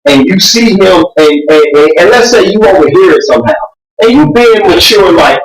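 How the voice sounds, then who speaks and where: A woman preacher giving a sermon in an impassioned, conversational way, her voice breaking into near-shouts. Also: on the low side, animated, normal speed. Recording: roomy sound from a distant mic.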